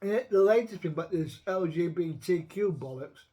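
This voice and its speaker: A man talking in a casual, rambling rant. His voice sits high for a man. He is blunt and swears freely, often restarting his sentences. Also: expressive, normal speed, warm tone. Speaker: show host. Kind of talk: casual chat.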